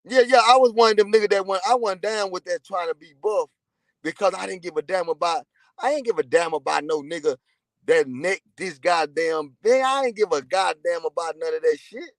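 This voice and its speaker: A man's voice: sits high, fairly quick, dry recording. A man from Texas, telling prison stories in a profane, boastful, rambling way. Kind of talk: casual livestream chat.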